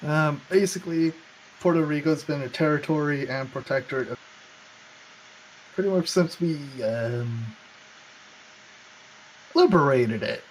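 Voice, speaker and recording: A man's voice: fairly high pitch, measured pace, long pauses, a little hiss or hum, low-quality recording. A man co-hosting a casual political chat, rambling with sarcastic asides. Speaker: podcast co-host.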